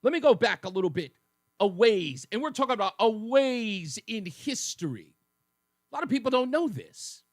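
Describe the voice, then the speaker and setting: A male radio host riffs through a combative political monologue, sarcastic and mocking. His voice sits high for a man and comes across dry and close in the studio, with a faint electrical hum underneath. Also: big pitch swings, moderate pace, dry recording. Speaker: radio talk show host.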